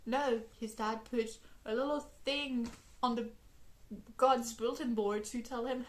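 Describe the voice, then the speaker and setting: A young woman with a French first language reviewing a book in a casual vlog, gushing and animated, laughing often and swearing casually. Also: a little high, measured pace. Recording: echoey room.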